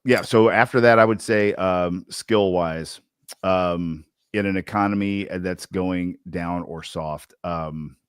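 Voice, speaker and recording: A man's voice: low voice, slow, smooth, no echo, clean studio sound. A man co-hosting a sales podcast, chatting casually with a Southern Indiana accent, full of slang and restarts. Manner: loose, animated, with slang and many restarts. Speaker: podcast co-host.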